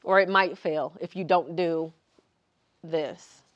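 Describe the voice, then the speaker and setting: Animated woman giving a casual meetup talk. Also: deep voice, slow pace, lo-fi sound. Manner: animated, conversational, acts out questions. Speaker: guest speaker. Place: meetup room.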